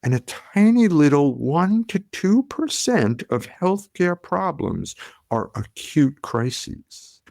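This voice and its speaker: Middle-aged man, gravelly low voice, lively yarn-spinning guest, dry close mic. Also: dry recording. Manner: animated storyteller, acts out quotes. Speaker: podcast guest, pediatrician. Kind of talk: conversational storytelling.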